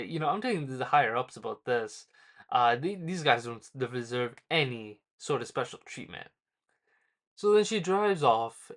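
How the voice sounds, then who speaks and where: A man's voice: mid-range voice, fairly bright tone. Rambling man reviewing a manga chapter. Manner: rambling, many ums and uhs, retells scenes loosely. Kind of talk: casual spoken review.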